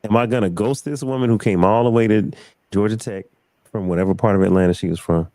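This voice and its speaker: Low mellow guy telling a story on a talk show, animated, dry close sound. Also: quick pace, dry recording. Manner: animated storyteller, acts out quotes. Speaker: podcast host. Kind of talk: casual chat, storytelling.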